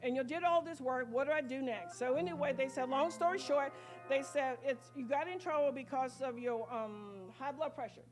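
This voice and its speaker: A woman giving a spoken testimony at a church worship service, telling her story in a rambling, excited way full of quoted dialogue. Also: sits high, normal speed, over music. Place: church sanctuary.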